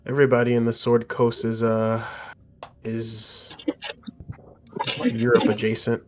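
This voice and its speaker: A man playing a tabletop game, low-key and often trailing off into mumbles. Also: completely flat delivery, a little slow. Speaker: player.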